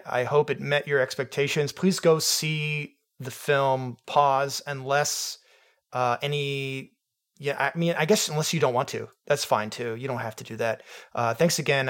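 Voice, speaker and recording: Male comic reviewer, deadpan sarcasm, rambling asides, mid-pitch voice. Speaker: film reviewer. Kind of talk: comedic review monologue.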